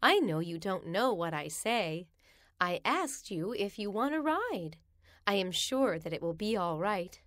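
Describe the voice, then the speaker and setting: A woman reading children's rhymes aloud in a slow, sing-song storybook manner. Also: medium pitch, very animated, a bit bright, no echo, clean studio sound.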